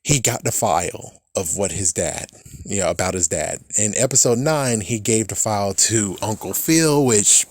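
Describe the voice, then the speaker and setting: A man giving a casual, profanity-laced recap of a TV series, animated and breaking into laughter now and then. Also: lowish voice, moderate pace, no room sound. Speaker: show recap vlogger. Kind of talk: casual reaction rant.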